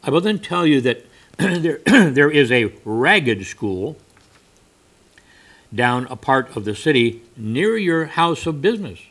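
A man voicing a meek yet majestic male stranger, the Lord, who speaks softly but sternly in pleading questions. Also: medium pitch.

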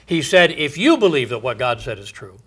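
A man teaching from the Bible in a sermon, reading verses aloud with emphasis and pausing with many fillers. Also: medium pitch, very animated, fairly bright tone, slightly rough.

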